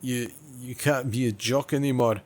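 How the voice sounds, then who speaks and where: A man's voice: medium pitch, steady tone, normal speed, a little mellow, natural voice. A man voicing a gloating male nerd monster ghost out for revenge, with a put-on Scottish accent.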